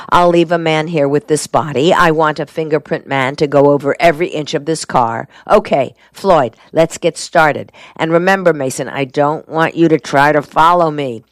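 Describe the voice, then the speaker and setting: A man reading the part of a blunt, curt male police lieutenant, slow and firm. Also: fairly high pitch, no echo, lightly acted.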